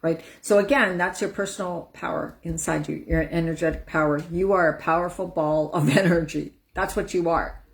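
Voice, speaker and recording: A woman coaching on a casual live stream, speaking soothingly and breaking into loud whooshing out-breaths as she demonstrates letting go. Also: on the low side, fairly even intonation, normal speed, vocal fry, hardly any pauses. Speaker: empowerment coach hosting a live session.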